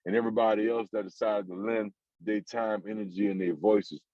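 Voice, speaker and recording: A man's voice: fairly low pitch, steady tone, a little fast, no echo. A man with a New Orleans accent, a rapper guest talking casually and signing off with street slang. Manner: laid-back street slang, repeats "you heard me". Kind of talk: casual interview sign-off. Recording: muffled lo-fi audio.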